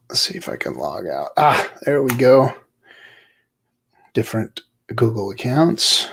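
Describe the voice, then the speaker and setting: A man hosts a casual livestream in an unhurried, drawn-out way. He mutters and fumbles aloud as he fights with his computer, dropping into quiet asides. His pitch sits in an ordinary middle range. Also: gravelly, breathy edge. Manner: flustered, muttering while fixing computer; pirate-themed greeting. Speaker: livestream show host.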